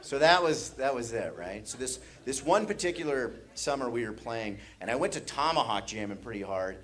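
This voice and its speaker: A man's voice: medium pitch, lively intonation, moderate pace, a crowd in the background. A man from the American Midwest doing stand-up comedy, telling a story with laughter and sound effects on a comedy stage.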